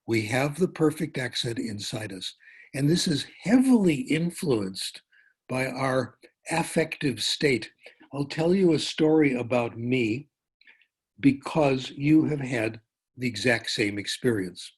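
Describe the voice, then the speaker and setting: An older man speaks as a keynote lecturer, drifting into a personal anecdote in an easy, conversational way. His voice is husky and a little breathy. He sits in the middle range for pitch. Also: takes it slowly. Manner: relaxed, anecdotal, with small restarts. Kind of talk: storytelling lecture.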